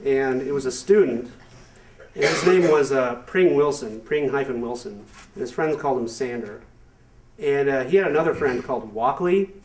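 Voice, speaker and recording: A man doing a stand-up comedy set, rambling and self-amused with lots of fillers and restarts, now and then jumping into high squeaky voices for his bits. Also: moderate pace, a little mellow. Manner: breaks into high squeaky put-on voices for jokes. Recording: distant mic, far from the speaker.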